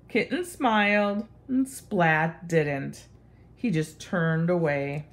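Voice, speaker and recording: A woman's voice: on the low side, slow pace. Woman reading a children's storybook aloud. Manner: expressive, sing-song read-aloud voice.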